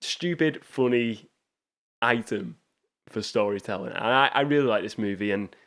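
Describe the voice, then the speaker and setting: A man's voice: on the low side, normal speed, fairly bright tone. A man hosting a casual film review show, talking enthusiastically with frequent restarts and rambling asides. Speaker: movie show host.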